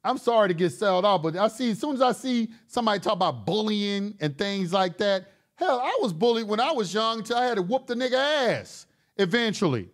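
High-voiced guy ranting on his show, cussing, confrontational, keeps repeating himself. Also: expressive, a little fast. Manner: heated, profane, confrontational; repeats words and restarts when worked up. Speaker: host. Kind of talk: ranting monologue on an online talk show.

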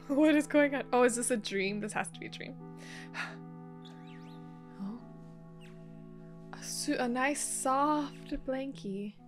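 Excitable high-voiced woman reacting. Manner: excitable, gasping, laughing and exclaiming often. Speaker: anime reaction channel host. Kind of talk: casual reaction commentary.

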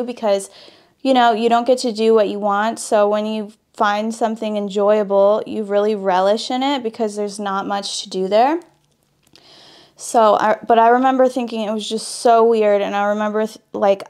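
A young woman from Wisconsin telling a personal story in a casual vlog while doing her makeup, full of "like" fillers and restarts. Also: fairly high pitch. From Wisconsin, USA. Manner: chatty, lots of "like" fillers and restarts. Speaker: beauty vlogger.

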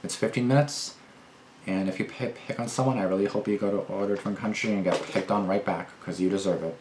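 A man's voice: lowish voice, fairly even intonation, quick pace, reverberant, noisy background. A young man reacting to a video, rambling and repeating himself, swearing heavily and getting indignant. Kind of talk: casual reaction commentary.

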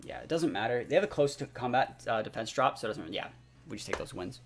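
A young man chatting excitedly as he commentates his own competitive game match, full of fillers. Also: medium pitch, fast talker. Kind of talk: live gameplay commentary. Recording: faint background music.

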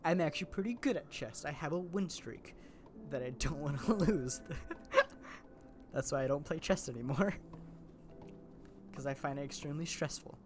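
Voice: mid-range voice, lively intonation, moderate pace, long pauses, noisy background. A gameplay commentator chatting casually and playfully to viewers, rambling, giggling often and joking about themself.

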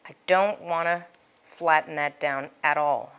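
A middle-aged woman hosting a casual cooking demonstration, chatty and enthusiastic, with a loud, projecting voice, talking to the viewer as she works the dough. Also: deep voice, steady tone, unhurried, clean tone. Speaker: cooking show host.

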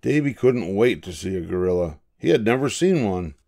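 An older man reading a children's picture book aloud, slow and expressive like a grandfather. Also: lowish voice, creaky. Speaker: storybook reader.

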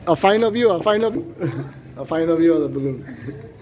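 Recording a casual vlog on his phone camera from his truck and an alley, a man with a voice that sits high laughs a lot and teases his audience. The background is noisy.

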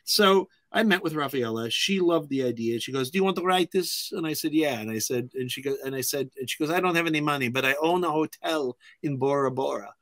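A middle-aged man, a filmmaker guest, telling anecdotes in an animated way and acting out other people's lines. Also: a little high, fairly quick, few pauses, no room sound. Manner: acts out other people's lines in lively voices.

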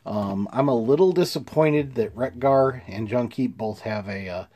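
A man's voice: medium pitch, measured pace, dark tone. A man casually reviewing toys, easygoing with many fillers and small chuckles, a little congested. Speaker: toy reviewer.

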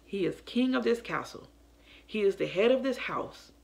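An earnest young woman talks straight to her viewers in a casual, heartfelt way. She keeps calling them y'all, and her pitch sits right in the middle. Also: expressive, moderate pace, vocal fry, a little mellow. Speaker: faith vlogger. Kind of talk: casual testimony to camera.

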